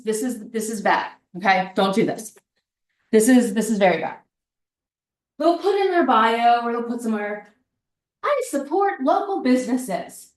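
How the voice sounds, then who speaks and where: A woman presenting a workshop in a casual, animated way, often saying "like" and "right?" and repeating points for emphasis. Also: a little high. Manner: chatty and animated, fond of "like" and "right?". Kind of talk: casual seminar talk. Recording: echoey room, mic at a distance.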